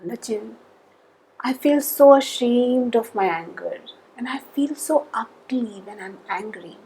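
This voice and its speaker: Tapping guide, female, unhurried delivery, husky tone, measured calls between statements. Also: fairly high pitch, dark tone, poor audio.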